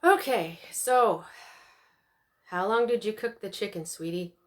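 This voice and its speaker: A woman voicing a patient, weary middle-aged mother who speaks gently and coaxingly. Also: mid-range voice, measured pace, close to an everyday voice. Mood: gentle, weary.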